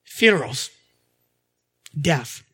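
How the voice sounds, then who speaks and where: A man's voice: a little high, very animated, drawn-out words, fairly bright tone, breathy edge. A middle-aged male pastor preaching a sermon, telling stories and acting out the people in them. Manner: storytelling, acts out anecdotes with voices.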